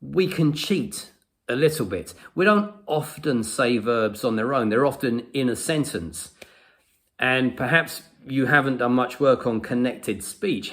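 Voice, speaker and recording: A man teaching English pronunciation in a patient lesson, saying example sounds slowly and repeating them. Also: mid-range voice. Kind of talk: slow explanatory lesson to camera.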